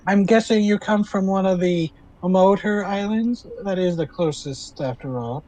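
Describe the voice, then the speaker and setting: A man voicing a group of sly, giggling old sea hags in a tabletop game, coy and quietly sinister. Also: high-pitched, measured pace, voice pushed up, low-quality recording. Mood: polite.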